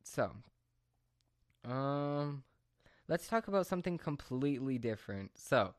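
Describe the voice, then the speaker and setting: A man's voice: mid-range voice, very animated, measured pace, dry recording. Rambling teenage guy ranting, dry sound. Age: teens. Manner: rambling, repetitive, exasperated ranting. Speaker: vlogger. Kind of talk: casual monologue to camera.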